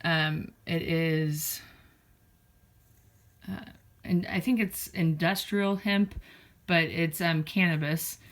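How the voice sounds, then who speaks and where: A woman's voice: low-pitched, fairly even intonation, takes it slowly. A woman hosting a casual cat vlog at home, chatty and rambling with lots of fillers, a little out of breath. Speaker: cat blog host. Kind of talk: casual vlog talking to her cats and viewers. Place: indoors at home.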